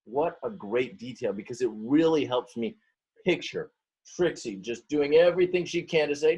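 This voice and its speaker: With lively intonation and a moderate pace, a male teacher reads a picture book to his pupils. His mid-range voice has a darkish tone and a breathy edge. He stretches words, acts out the voices in the story, and regularly stops to explain details.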